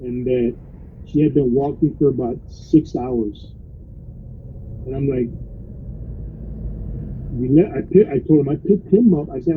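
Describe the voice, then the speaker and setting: An unhurried rideshare driver with a medium-pitched voice and long pauses recounts a wild story from his car, casual and animated, quoting his riders and saying "bro" again and again. The audio is narrow and tinny, with slight background noise.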